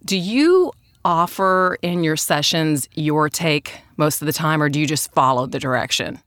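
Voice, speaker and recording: A woman co-host asks long, halting questions, starting over and circling back. Her voice is low for a woman and recorded close and dry. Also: expressive, a bit bright, no echo. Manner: halting, restarts often. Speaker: podcast co-host. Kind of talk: interview questions.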